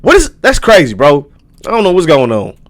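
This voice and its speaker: A man's voice: on the high side, huge pitch swings, moderate pace. A man streamer reacting live to videos, talking in a loose, slangy and profane way with frequent asides to his viewers.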